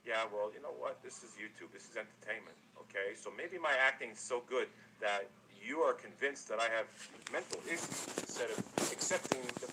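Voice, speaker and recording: Blunt and foul-mouthed, a YouTuber from New Jersey rants to viewers on a noisy livestream, repeating himself often. His voice is mid-range with a sharp tone.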